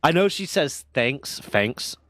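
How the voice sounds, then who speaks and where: A man's voice: mid-range voice, animated, brisk, fairly bright tone, no room sound. A man from the United States hosting a stream, chatting casually with a lot of swearing, rambling asides and frequent laughter. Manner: profane, rambling, laughs often. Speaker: streamer host. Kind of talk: casual podcast-style chat.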